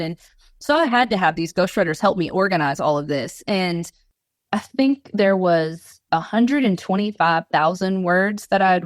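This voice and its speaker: A woman tells a long, rambling story as an interview guest, leaning on filler words as she goes. Her voice sits at an ordinary middle pitch. The sound is close and dry, with no room echo at all. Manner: animated, rambling storyteller with many fillers and laughs.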